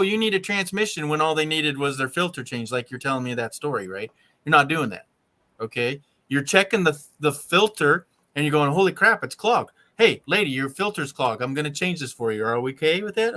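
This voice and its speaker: A man's voice: a little high, fairly quick, sharp tone. A man hosting an RV channel, coaching a mechanic in casual chat and constantly checking in with "right?" and "okay?". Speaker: RV channel host.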